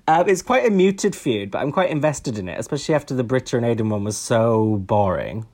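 A man's voice: mid-range voice, expressive, fairly quick, darkish tone. Wry chatty man. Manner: chatty, wry, frequent ums. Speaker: podcast co-host. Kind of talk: casual chat.

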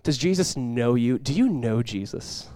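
A man preaching a sermon as pastor, telling stories with lively energy, then dropping quiet and slow to press a point. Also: medium pitch, dry recording, clean studio sound. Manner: animated storytelling, drops quiet and slow for emphasis; conversational, many fillers like "like" and "you guys".

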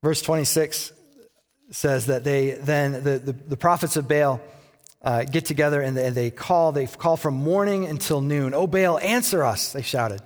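A man preaching a sermon as a pastor, telling the story in a lively way and acting out the quoted lines with playful taunts. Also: medium pitch, moderate pace, in a large hall.

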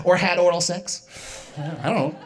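A woman's voice: on the low side, fairly bright tone, slightly rough. A young woman doing a stand-up comedy set, self-mocking and often laughing through her lines. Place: comedy stage.

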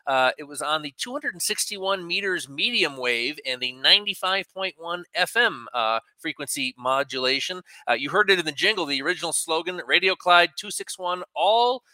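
A male radio co-host with a rather bright, slightly high voice, recorded close and dry. He reads facts from his notes in a chatty tone and breaks in with quick asides. The sound is plain studio talk. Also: expressive, no room sound. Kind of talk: casual radio talk, reading news items.

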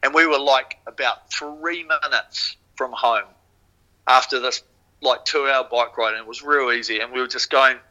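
A man with a New Zealand accent tells a story as a podcast guest in a loose, casual way. He swears freely and brings the scene back to life as he goes. His voice sounds very bright and forceful, and his pitch sits in an ordinary middle range. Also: normal speed, muffled recording. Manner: swears freely, animated retelling. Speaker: podcast guest, former rower.

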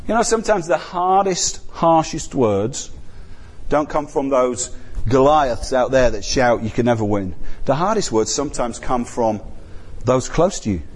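A man's voice: mid-range voice, expressive, unhurried. A man preaching a sermon in a conversational way, often putting rhetorical questions to the congregation.

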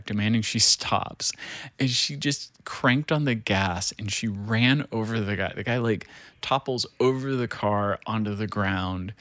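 A man in his thirties tells a story in a rambling, casual way, swearing, laughing and leaning on fillers. His voice sits fairly low, and it sounds close and dry, with no room around it. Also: fairly bright tone, no echo. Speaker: show creator.

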